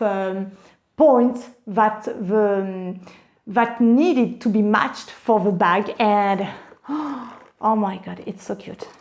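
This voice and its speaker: A woman, gushing and gasping with delight as she unboxes bags in a casual vlog. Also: fairly high pitch. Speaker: vlogger.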